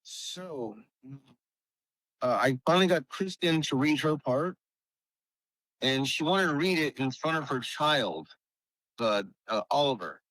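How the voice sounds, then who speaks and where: A man's voice: fairly high pitch, expressive, a little slow, pauses often, a bit bright, no echo, rough recording. A man hosting a podcast, telling rambling stories in casual chat with lots of fillers. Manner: rambling storyteller with many fillers. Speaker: podcast host.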